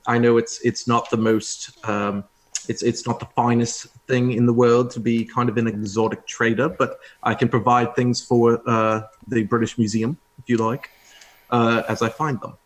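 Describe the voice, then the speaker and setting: A man's voice: medium pitch, little pitch movement, normal speed, close to an everyday voice. A nervous young trader stammers and fumbles through a fake British accent, as a man puts him on, forever stalling on filler sounds. He is an ordinary, everyday voice that keeps tripping over itself. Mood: flustered. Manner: stuttering, stumbling, many filler sounds.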